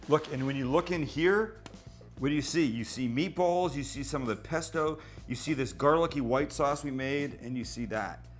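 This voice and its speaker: Soft music plays in the background as a middle-aged man, at medium pitch and normal speed, hosts a cooking show from his low-ceilinged home kitchen. The casual demonstration is chatty and teasing, with him answering his own questions, his handheld mic sometimes held close.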